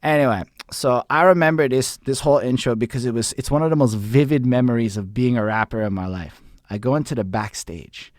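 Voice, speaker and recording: A man, hosting a livestreamed interview in an excited, rambling way with plenty of swearing. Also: medium pitch, brisk, no echo, studio quality. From Montreal, Canada. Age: 30s. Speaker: host.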